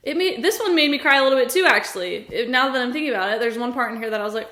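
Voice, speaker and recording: A woman's voice: high-pitched, expressive, fast, fairly bright tone. A young woman talking casually and earnestly about her favorite books, gushing and laughing as she chats. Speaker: book vlogger. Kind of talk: casual book review chat. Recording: echoey room.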